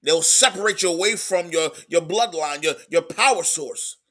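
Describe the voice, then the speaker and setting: A man preaching a sermon in an emphatic, repetitive style, moving between quiet stretches and loud outbursts. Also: on the high side, normal speed. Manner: emphatic preaching, repeats words, swings from soft to loud.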